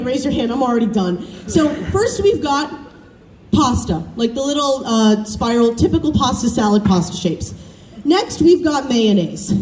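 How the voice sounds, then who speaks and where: A woman's voice: high voice, a little hiss or hum. Young Southern woman doing chatty stand-up. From American South. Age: young adult. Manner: self-deprecating, chatty, animated storytelling. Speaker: student stand-up comic. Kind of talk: stand-up comedy set. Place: campus showcase stage. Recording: roomy, distant stage recording with faint ambience.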